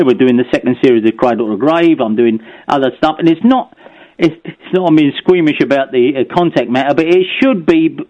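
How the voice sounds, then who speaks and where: A man's voice: mid-range voice, darkish tone, dull audio. A man, chatting as a radio guest, rambling with stammering restarts and frequent chuckles. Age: 50s. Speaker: guest, broadcaster and author. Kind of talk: casual radio chat.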